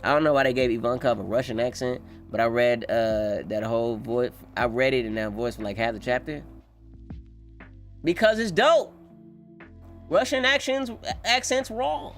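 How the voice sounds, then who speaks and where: Man, live reaction stream, casual and profane, mid-pitched voice, faint music behind. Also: steady tone, a little fast, hardly any pauses. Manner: loose, profane, reads chat aloud, laughs often. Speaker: streamer reacting to a manga chapter.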